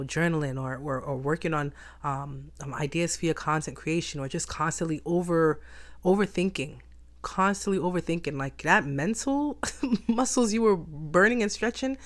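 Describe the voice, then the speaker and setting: A woman's voice: on the low side, normal speed. A woman talking in a reflective personal vlog, emphatic and repeating phrases for stress. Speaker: vlogger.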